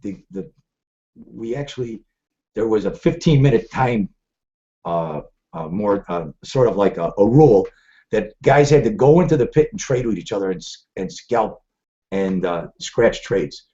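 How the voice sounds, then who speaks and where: A middle-aged trading webcast host rambles from one story to another, repeatedly restarting his sentences. His fairly low, dark voice is animated yet unhurried, and the audio sounds dull and lo-fi.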